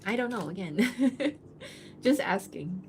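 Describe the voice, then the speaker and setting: A woman talking casually to her stream chat as she draws, answering viewers' messages aloud. She rambles, thinks out loud and laughs often, in an ordinary mid-range voice. There is a faint noise underneath. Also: mid-range voice, expressive, slow pace. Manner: chatty, giggles often, thinks aloud with fillers. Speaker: livestreaming artist.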